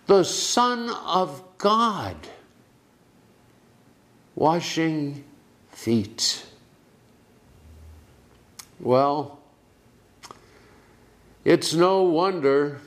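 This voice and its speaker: Male preacher, measured sermon, unhurried pace with long pauses and strong emphasis. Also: fairly high pitch. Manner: slow, deliberate delivery with dramatic pauses and emphasis.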